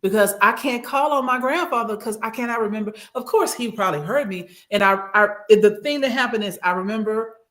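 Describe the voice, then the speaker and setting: A woman recounting a personal trip in casual podcast chat, animated and acting out what others said, on a studio microphone. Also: on the high side, a little fast, hardly any pauses. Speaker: regular co-host and guest.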